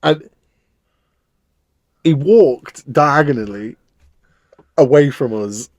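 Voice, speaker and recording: A man co-hosting a podcast, telling stories in a casual, animated way. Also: mid-range voice, slow, dry recording. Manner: animated storytelling with frequent laughs. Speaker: podcast co-host. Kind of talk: casual chat.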